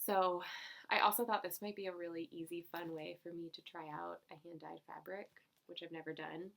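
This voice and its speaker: A young woman vlogs about her stitching finds in a relaxed, rambling chat. Her voice sits low and carries a lot of vocal fry, and she breaks into giggles and fillers as she goes. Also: a little fast. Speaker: cross-stitch vlogger. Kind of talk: casual chat.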